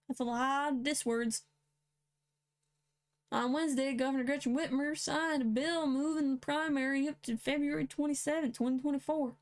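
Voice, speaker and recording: A woman with a somewhat high voice reads news headlines aloud as host. She breaks in with blunt, sarcastic remarks in a casual, unscripted way. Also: a little mellow. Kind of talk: reading and commenting on news headlines.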